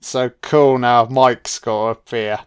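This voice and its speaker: A man's voice: medium pitch, fairly even intonation, takes it slowly, clear, resonant tone. A man giving profane, sarcastic reaction commentary on a film.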